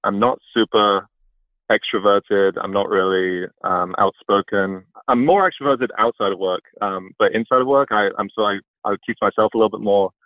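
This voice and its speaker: A man from England calling into a podcast, talking in a soft-spoken, hesitant way with many pauses. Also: on the low side, no echo. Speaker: caller. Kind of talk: phone-in conversation. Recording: tinny phone line.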